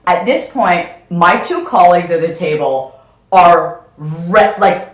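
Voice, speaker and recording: A woman's voice: fairly low pitch, slow, roomy sound. A woman hosting a podcast, chatting casually with her sister and telling an embarrassing story, often laughing as she goes. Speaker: podcast host.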